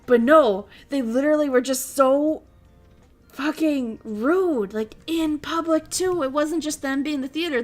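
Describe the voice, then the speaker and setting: A young woman from Minnesota, a streamer telling stories in casual chat, rambling and swearing freely. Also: on the high side. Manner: rambling, profane storytelling.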